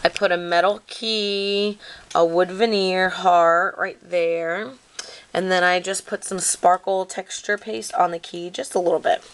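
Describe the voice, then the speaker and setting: Her voice is fairly low, smooth and steady, with a measured pace. Making a craft video, she talks loosely through a scrapbook project, full of "like" and "um," and says sorry for things going wrong on camera.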